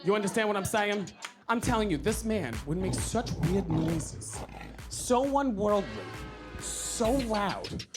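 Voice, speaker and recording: Flamboyant guy doing stand-up, super lively voice, music under it. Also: high-pitched, takes it slowly. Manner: lively, flamboyant, playful with the crowd. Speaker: stand-up comedian. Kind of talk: stand-up set. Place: comedy club stage.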